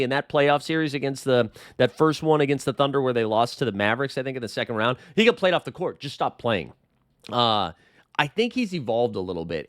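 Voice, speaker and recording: A man's voice: medium pitch, no room sound, studio quality. A man hosting a casual basketball talk show, rambling and opinionated, often correcting himself mid-sentence. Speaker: sports podcast host.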